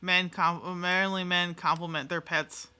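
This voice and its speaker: Chatty streamer talking to viewers: bright edge, frequent giggles, loose and profane, self-deprecating. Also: medium pitch, little pitch movement, a little slow, clean tone. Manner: giggly, rambling, swears freely, self-mocking. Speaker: game streamer. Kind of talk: casual live-stream chat with viewers.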